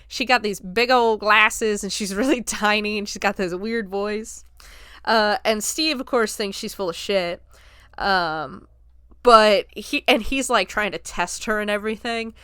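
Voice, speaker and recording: Speaking a little slowly in a sharp, mid-range voice, this podcast host walks through a film one scene at a time in a casual way. Frequent laughter punctuates her recap, and she performs the quoted lines. The sound is clean studio audio with no echo.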